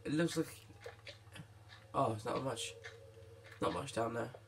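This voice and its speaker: A man hosting a let's play, chatting to viewers and his pet and exclaiming excitedly at what happens in the game. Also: medium pitch, unhurried, gravelly, slight background noise. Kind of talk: gaming commentary.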